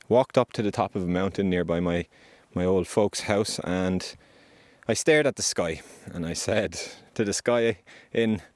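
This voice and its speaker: A man hosting a vlog, speaking gently and earnestly about gratitude and acceptance while out on a hike. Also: sits low, no room sound. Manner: gentle, earnest, spiritual, unhurried with pauses. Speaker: podcast host sharing his survival story. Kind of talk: reflective spoken vlog on a hike. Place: outdoors on a hillside.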